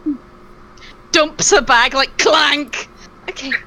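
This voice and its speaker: A woman playing a tabletop role-playing game, describing her character and speaking in character with many pauses and fillers. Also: on the high side, fairly even intonation, pushed and bright, poor audio. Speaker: player. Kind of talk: role-play narration and in-character talk.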